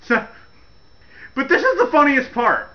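A man hosting a casual comedic rant, laughing as he retells events in an animated way. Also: very high-pitched, unhurried, lo-fi sound. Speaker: wrestling commentary host.

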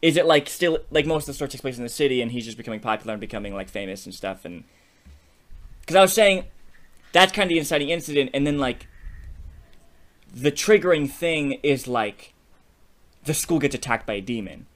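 Male podcast co-host, mid-pitched, animated and giggly, pitching ideas in a loose chat. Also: a little fast, pauses often. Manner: animated, laughs often, keeps saying "you know what I mean". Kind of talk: casual creative brainstorming chat.

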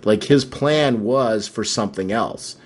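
A man's voice: on the low side, a little slow. A man co-hosting a podcast, chatting casually about comics with enthusiasm and the odd laugh. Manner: enthusiastic, thoughtful, laughs at times. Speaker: podcast co-host.

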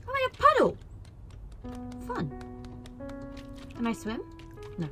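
A woman commentating her own gameplay in an excitable way, cheering, shouting and laughing at the screen. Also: high voice, slow, over music. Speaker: gaming video creator. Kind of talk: let's play commentary.

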